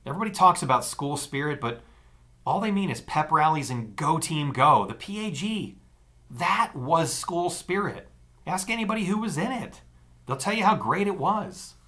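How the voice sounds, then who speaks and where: A man's voice: on the high side, lively intonation, moderate pace, sharp tone, voice pushed up. A man voicing an angry, sarcastic teenage girl arguing with her brother in an audiobook. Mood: earnest. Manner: sarcastic, cutting. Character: angry scornful teenage girl, the narrator's sister. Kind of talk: audiobook dialogue.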